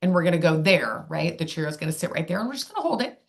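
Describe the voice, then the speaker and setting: A woman speech therapist with a slightly low voice, leading an online workshop. She talks in a chatty, rambling way and breaks off to demonstrate mouth sounds aloud. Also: sing-song, rapid-fire. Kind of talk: live online workshop teaching.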